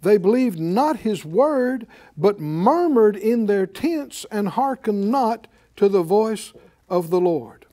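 A man's voice: high-pitched, lively intonation, slow, mellow. A man preaching a sermon in an emphatic, pleading way, repeating phrases for weight. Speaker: pastor.

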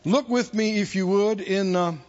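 A man's voice: high voice, normal speed, a little mellow, highs cut off. A man preaching a sermon to a church congregation, leading call-and-response and stretching out repeated phrases for emphasis. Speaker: pastor.

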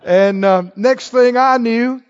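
A man preaching a sermon, telling stories with big swings from quiet asides to near-shouts. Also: very high voice, slow, clean tone, dull audio.

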